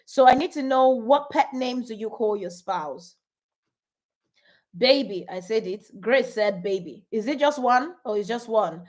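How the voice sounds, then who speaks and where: A middle-aged woman coaching couples on a live stream, her voice sitting a little high. She talks in an animated, chatty way, laughing often and reading viewer comments aloud. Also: measured pace. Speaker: marriage coach.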